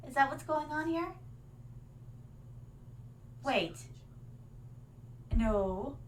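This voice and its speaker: A woman's voice: on the high side, slight background noise. A woman streamer reacting live in a theatrical, regal manner, calling her viewers "my darlings" and dropping Japanese fillers. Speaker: vtuber streamer.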